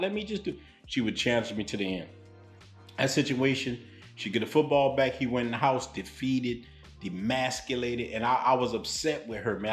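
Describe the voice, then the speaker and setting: A man from Louisiana telling stories on his vlog in a blunt, animated, street-style way. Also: mid-range voice, roomy sound. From Louisiana, United States. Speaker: vlogger. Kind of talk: storytelling vlog.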